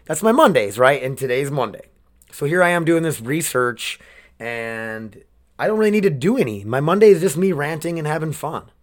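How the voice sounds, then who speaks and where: A man's voice: on the high side, sing-song, normal speed. A man in his twenties hosting a solo podcast, rambling and swearing, emotionally worn down. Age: 20s. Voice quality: rambling, swearing, restarts sentences. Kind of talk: casual solo podcast rant.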